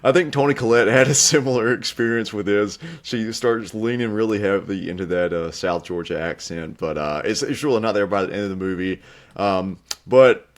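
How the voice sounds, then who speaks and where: A young man co-hosting a film review show, talking casually with many pauses and fillers. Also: lowish voice. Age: young adult. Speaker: film critic co-host.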